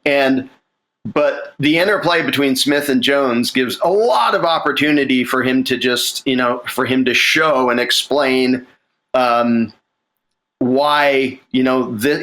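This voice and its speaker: Man, bright voice, casual talk about his screenplay, loose and rambling with quick acted lines. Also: medium pitch, poor audio. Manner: rambling, many restarts and fillers, acts out lines. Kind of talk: casual conversation about a film script.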